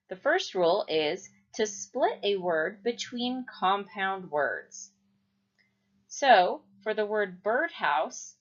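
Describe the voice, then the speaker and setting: A woman teaching a children's phonics lesson, speaking clearly and drawing out each syllable. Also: mid-range voice. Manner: slow, clear, stretching out syllables. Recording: dull lo-fi recording.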